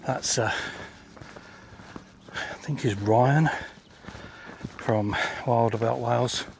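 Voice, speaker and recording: A man of middle pitch talks to his camera while hiking through open countryside. He is casual and self-mocking, a bit out of breath. Outdoor ambience and animal sounds come through clearly behind him. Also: slow pace, noisy background. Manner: wry, self-deprecating, chatty asides. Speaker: vlogger.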